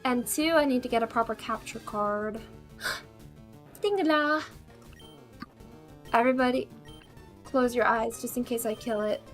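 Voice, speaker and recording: A woman's voice: on the high side, fairly even intonation, a little fast, soft background music. A bubbly woman streaming a game, chatting casually with viewers and laughing often. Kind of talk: casual gaming chat.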